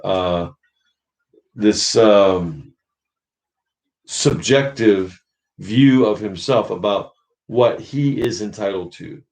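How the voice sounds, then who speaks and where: A man leading a church book study, teaching thoughtfully and pausing to search for words. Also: fairly low pitch, darkish tone.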